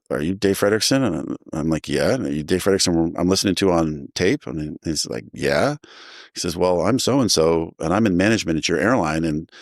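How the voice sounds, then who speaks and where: A middle-aged man tells a long personal story in a low, close, dry voice. He is animated and jumps into the voices of the people he quotes. It sounds like relaxed conversation rather than a prepared talk. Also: no room sound. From New Jersey. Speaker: guest sharing recovery story. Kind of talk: casual storytelling.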